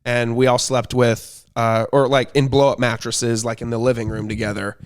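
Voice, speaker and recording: A man's voice: medium pitch, level tone, normal speed, clean tone. Young guy hosting a podcast, laid back, rambles through stories and laughs a lot. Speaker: podcast host. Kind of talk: casual chat.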